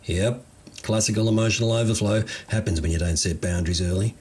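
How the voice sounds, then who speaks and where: A man's voice: on the low side, quick pace, darkish tone, husky. A man doing an unflappable Australian gardener bloke. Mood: easygoing. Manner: drawling, easygoing, slangy.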